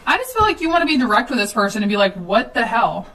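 A woman's voice: a little high, sing-song, racing, sharp tone, distant mic, poor audio. A woman giving a casual tarot reading at home, chatty, with filler ums and nervous laughs. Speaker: tarot reader.

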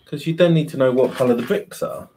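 A man's voice: medium pitch, fast. A man co-hosting a live building stream, giving dry, short replies in casual chat. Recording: distant voice, loud clattering noise.

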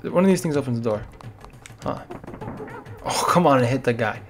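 A man's voice: mid-range voice, animated, moderate pace. Young male gamer, rambling and weary, narrating his play with faint game music under him. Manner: rambling, chatty, frequent "like". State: tired. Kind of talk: casual gameplay commentary.

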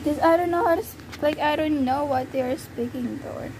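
This one has her voice high-pitched and darkish, moving at a normal speed as she chats through her game. She's a young woman from the Philippines who flusters easily, and the low-quality recording carries a faint noise underneath.

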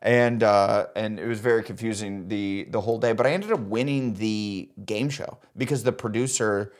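Animated man telling a comic story. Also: lowish voice, moderate pace. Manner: animated, acts out quoted voices. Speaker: podcast co-host. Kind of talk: casual chat, comic storytelling.

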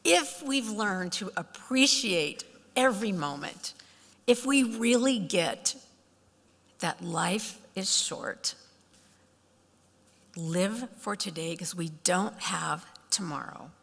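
A woman's voice: mid-range voice, slow pace, vocal fry. A middle-aged woman giving a storytelling keynote speech, acting out the voices of people in her stories. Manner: animated, acts out quoted voices. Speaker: keynote speaker. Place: conference hall. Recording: long hall reverb.

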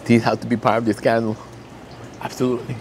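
A man making candles, talking in an emotional, heartfelt way and slowly reading out fragrance notes. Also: mid-range voice, level tone, noisy background. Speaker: candle maker. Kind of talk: casual vlog talk.

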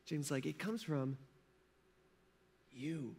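Pastor, high-voiced man, casual. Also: takes it slowly, pauses often, a little hiss or hum. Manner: conversational, animated storytelling with playful voices. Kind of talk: sermon. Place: church service.

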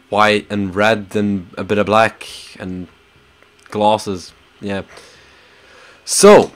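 Belgian-accented male gaming commentator with a cold, mid-pitched, sweary and excitable. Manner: casual, swears a lot, excitable outbursts. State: has a cold, slightly sore voice. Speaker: gaming channel host. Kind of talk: gameplay commentary.

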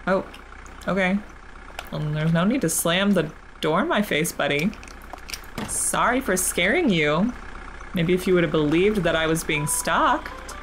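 A woman hosting a gaming channel, reacting nervously out loud and talking to the characters as she plays. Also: on the low side, slight background noise. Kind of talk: let's play commentary. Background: game music.

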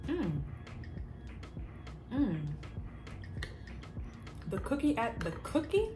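A woman vlogging as she tastes her own cooking, animated and quick to laugh, with casual swearing and a Black way of talking. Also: high-pitched, over music. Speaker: food vlogger. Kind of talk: casual cooking vlog chat.

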